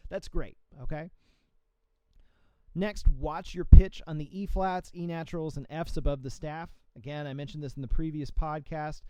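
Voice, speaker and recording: Man, music professor, instructional podcast, coaching tone, smooth, mellow, dry close sound. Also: a little high, no echo. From USA. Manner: coaching, checks in with "okay?" and "right?".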